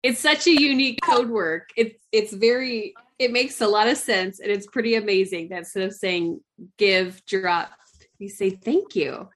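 A woman's voice: medium pitch, moderate pace, a bit bright. A woman hosting a casual podcast conversation, giving brief reactions to a guest. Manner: brief reactions, laughs often. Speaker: podcast host.

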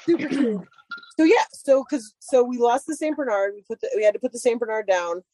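A woman's voice: on the high side, brisk, dark tone. A woman chatting casually and telling a long story about her dogs, full of "like" fillers. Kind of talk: casual chat.

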